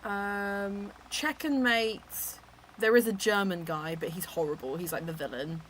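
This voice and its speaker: A woman from England hosting a book club chat, animated and teasing, laughing often. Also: mid-range voice, unhurried, a little hiss or hum. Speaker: book club podcast host. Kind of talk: casual chat.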